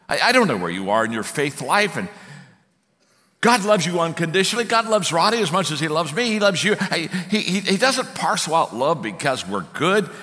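A man preaching a sermon in a folksy, animated storytelling manner, with many restarts. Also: fairly high pitch, in a large hall.

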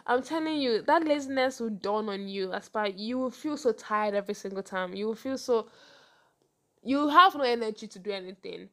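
Fast-talking young woman host. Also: fairly high pitch. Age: young adult. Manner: fast-talking, animated, laughs often. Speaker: podcast host. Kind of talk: casual advice chat.

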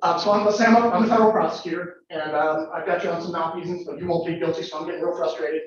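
A lawyer with a slightly high voice and fairly even intonation races through a conversational, wry talk to a live audience, asking them questions. The recording sounds dull and echoey, captured from far off in the room.

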